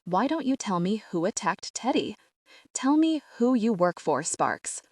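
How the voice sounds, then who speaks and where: A woman's voice: mid-range voice, very animated, unhurried, a little mellow, no room sound, clean studio sound. A woman voicing a cocky young male thief in an audiobook, with playful, teasing banter.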